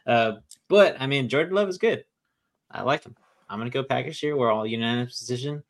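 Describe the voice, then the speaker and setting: A man's voice: medium pitch, a little fast. Man, laid-back host, joking, casual sports chat.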